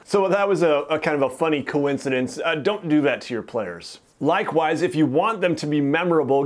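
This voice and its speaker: An easygoing male host talks casually through tips for running tabletop games. He has a mid-range voice and a self-deprecating manner, with the odd "uh" as he thinks aloud. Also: medium pitch. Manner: easygoing, self-deprecating, chatty with occasional "uh" fillers. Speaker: dungeon master and channel host. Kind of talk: casual instructional talk to camera.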